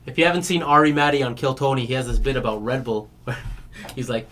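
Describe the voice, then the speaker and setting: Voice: medium pitch, fairly even intonation, quick pace, fairly bright tone, slight background noise. A card break host in casual chat, rambling through stories and laughing, then rattling off player names while opening packs.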